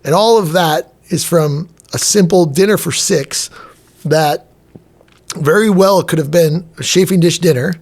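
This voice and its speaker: A middle-aged man telling stories in a relaxed podcast conversation. His voice sits a little higher than most men's. He talks casually and acts out the dialogue as he goes. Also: measured pace. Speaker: chef and restaurant owner, podcast guest. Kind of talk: storytelling in a podcast interview.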